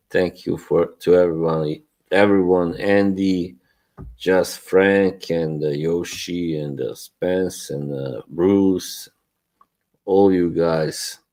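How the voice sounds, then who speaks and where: A man hosting a relaxed live stream, rambling in casual chat, chuckling often and trailing off. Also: sits low.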